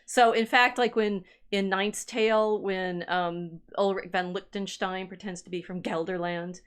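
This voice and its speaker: A woman's voice: mid-range voice, steady tone, unhurried, clear, resonant tone. A woman historian co-hosting a casual livestream chat, musing aloud as she reads through family records. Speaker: podcast co-host and historian.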